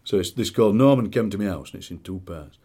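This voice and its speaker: A middle-aged man with a Barnsley accent, a poet chatting in an interview and reading his poems, lively and fond of doing voices. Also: lowish voice, fast talker, breathy edge. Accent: Barnsley, South Yorkshire. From South Yorkshire, England. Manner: animated storyteller, slips into quoted voices. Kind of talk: conversational interview with poetry reading.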